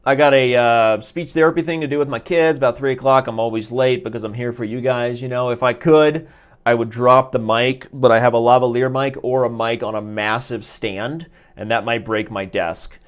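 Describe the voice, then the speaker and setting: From his desk indoors, a man reviews chess games on a live stream in a mid-range voice with fairly even intonation and normal speed. He's chatty and jokey, rambling along with restarts and side remarks.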